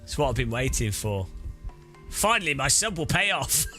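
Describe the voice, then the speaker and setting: A man's voice: a little high, big pitch swings, measured pace, sharp tone, soft background music. A man casually chatting on a sim-racing live stream, joking and rambling as he reads chat aloud.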